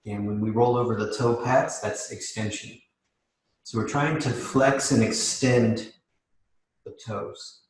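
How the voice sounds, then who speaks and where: A man leading a live mobility class as yoga instructor, calmly cueing each step while demonstrating. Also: mid-range voice, takes it slowly. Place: yoga studio. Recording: echoey room.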